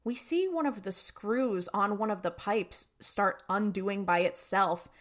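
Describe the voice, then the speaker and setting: A woman's voice: mid-range voice, measured pace. A woman co-hosting a podcast, casually recapping an episode in a rambling way with lots of fillers. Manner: rambling, filler-heavy retelling. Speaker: podcast co-host.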